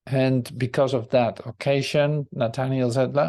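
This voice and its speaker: A man's voice: mid-range voice, steady tone, a little slow, few pauses, a little mellow. A man leading a spiritual study group, musing on scripture in a searching, reflective way.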